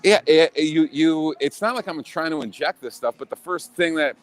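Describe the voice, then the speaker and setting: A man's voice: a little high, moderate pace. A man from Illinois talking in a casual chat as a podcast guest, blunt and profane, with many restarts.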